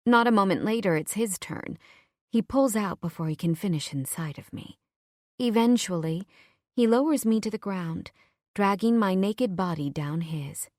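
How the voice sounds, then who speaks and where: A woman narrating a first-person romance audiobook in a soft, intimate, measured voice on a close mic. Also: medium pitch, lively intonation, no room sound.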